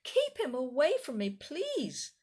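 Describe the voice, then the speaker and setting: Storybook read-aloud: huge cowardly dinosaur boasting low and slow, shrieking high, a woman puts him on. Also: huge pitch swings, darkish tone, full character voice. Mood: terrified. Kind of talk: reading a children's picture book aloud.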